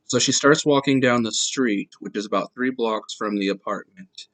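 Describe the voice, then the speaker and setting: Low-voiced man reading dark true stories. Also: normal speed, few pauses, dry recording, rough recording. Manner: plain, steady first-person telling. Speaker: podcast host reading accounts. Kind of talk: reading true-story accounts.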